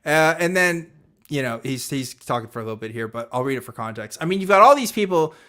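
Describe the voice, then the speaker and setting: A man co-hosting a casual podcast reads a transcript aloud and mocks it, swearing and laughing between lines. His mid-range voice is animated, fast and sharp.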